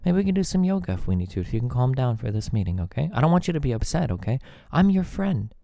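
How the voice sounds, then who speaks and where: A man voicing an overly soothing, patronizing male boss, talking in a slow, cooing, sing-song way. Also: mid-range voice, sing-song, creaky, warm tone, dry recording, studio quality, voice pushed down. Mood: syrupy, patronizing.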